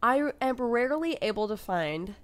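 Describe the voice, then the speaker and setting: A young woman vlogging casually, telling everyday stories and acting out what people said. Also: normal speed. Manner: animated, acts out quoted voices with big pitch jumps and laughs. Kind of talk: casual storytelling to camera.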